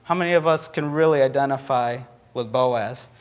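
A man's voice: mid-range voice, moderate pace. A young man preaching a conversational sermon, earnest and sprinkled with fillers as he tells a personal story.

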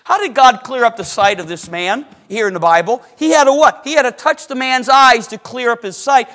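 A middle-aged man with a notably high voice preaches to his congregation. He tells a story with animated swings between booming excitement and quiet, hushed passages, and stops to put questions to the listeners. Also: a little fast. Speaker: pastor. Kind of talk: sermon with personal story.

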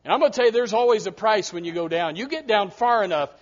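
Preacher guy, high-ish voice, goes loud then hushed, kinda muffled recording. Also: expressive, fast talker, background noise. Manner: emphatic, swings between loud and hushed. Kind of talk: sermon. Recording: muffled lo-fi sound.

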